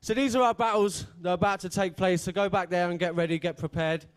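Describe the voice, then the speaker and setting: High-voiced emcee hyping a crowd. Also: male voice, fairly even intonation, quick pace, smooth. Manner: hyping the crowd, chatty and jokey. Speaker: event host. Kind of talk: live event emceeing. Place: stage at a live beatbox event.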